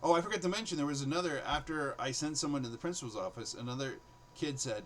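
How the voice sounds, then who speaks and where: A man's voice: mid-range voice, brisk, pauses often, low-quality recording. Guy telling old school stories, voice going up and down a lot, bit of hiss. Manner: animated, acts out students' voices in quotes. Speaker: former teacher telling stories. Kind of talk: casual storytelling monologue.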